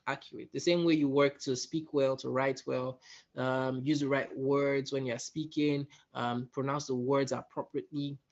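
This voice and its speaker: A man teaching a soft-skills workshop in a conversational way, often checking in with his listeners. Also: mid-range voice, highs cut off. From West Africa. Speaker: workshop facilitator.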